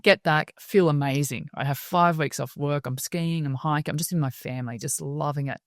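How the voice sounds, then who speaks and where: A woman's voice: low-pitched, brisk, dry recording, clean studio sound. Chatty Australian woman telling stories. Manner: lively, chatty, laughs often. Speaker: podcast guest. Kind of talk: casual interview storytelling.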